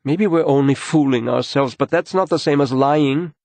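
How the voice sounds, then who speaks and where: Audiobook figure: an anxious, sharp-tongued wife, a man putting on a higher voice, dry close recording. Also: normal speed, vocal fry, no echo. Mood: subdued. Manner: sharp and anxious, rising into anger. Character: tense, frightened woman, adult wife and mother.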